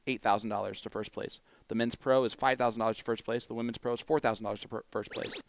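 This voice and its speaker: A man's voice: mid-range voice, no room sound. A man commentating live darts, chatty and explanatory as he runs through the figures.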